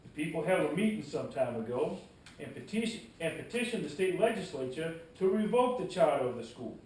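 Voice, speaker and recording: A man's voice: fairly high pitch, big pitch swings, fairly quick, a little mellow, recorded from a distance, a little hiss or hum, pitched above the performer's own voice. A man putting on an American Southern accent to read out an old document as a formal nineteenth-century Southern chronicler, in an echoey room away from the mic. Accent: American Southern, put on.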